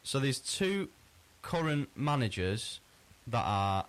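A man hosting a casual quiz on a podcast, chatty and relaxed, often restarting his sentences. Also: mid-range voice, takes it slowly. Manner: chatty, easygoing, frequent restarts. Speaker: quizmaster.

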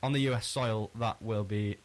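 A man hosting a casual quiz on a podcast, chatty and relaxed, often restarting his sentences. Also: lowish voice, normal speed. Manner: chatty, easygoing, frequent restarts. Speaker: quizmaster.

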